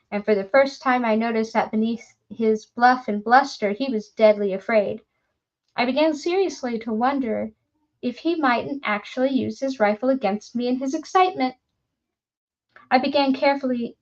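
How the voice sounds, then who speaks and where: Woman storyteller, measured formal reading, fairly high pitch, muffled lo-fi sound. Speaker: audiobook reader. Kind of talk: story narration.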